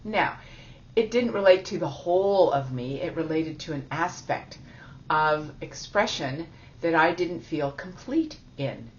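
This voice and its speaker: A woman giving a spiritual teaching talk in a chatty, self-deprecating way, laughing often. It sounds like a dull lo-fi recording. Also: deep voice.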